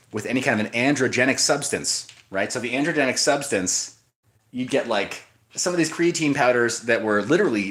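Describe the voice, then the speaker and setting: A man's voice: on the low side, a bit bright. A man hosting a casual livestream, talking in a rambling way, answering viewer comments and often restarting his sentences. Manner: rambling, with frequent restarts and asides. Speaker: livestream host.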